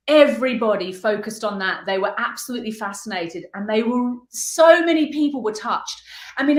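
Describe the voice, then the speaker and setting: A middle-aged woman from the United Kingdom, a guest artist telling her story in an interview, earnest and reflective, pausing as she searches for words. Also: a little high. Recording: echoey room.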